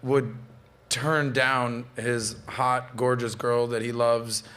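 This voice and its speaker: A man in his late thirties hosting a podcast, telling stories in a loose, animated way with swearing. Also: mid-range voice, slow. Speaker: podcast host. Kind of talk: casual panel chat.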